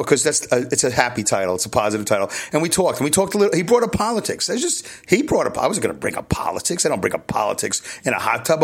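A man's voice: medium pitch, husky. Rambling middle-aged New man. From New York City, Brooklyn. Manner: rambling, candid, frequent chuckles and self-corrections. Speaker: podcast host. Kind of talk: casual solo podcast monologue.

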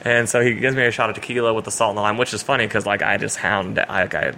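Young man, podcast guest, bright low voice, animated storyteller, faint background noise. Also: very fast. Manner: animated storyteller, acts out quoted voices loudly. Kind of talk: casual storytelling.

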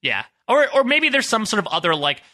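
A man's voice: high-pitched, very animated, a little fast, pushed and bright. A man co-hosting a podcast, chatting in a playful, enthusiastic way. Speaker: podcast co-host. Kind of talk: casual podcast chat.

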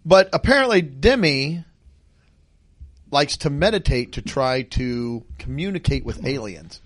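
A man's voice: medium pitch, lively intonation, measured pace, dry recording. A man hosting a casual radio-style talk show, reading news stories aloud with jokey asides.

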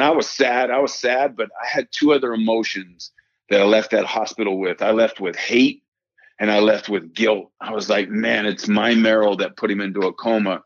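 A man's voice: on the low side, dry recording, highs cut off. A middle-aged man telling a personal story as a podcast guest, earnest and emphatic, often repeating phrases and saying "man". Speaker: guest, performance coach and former pitcher.

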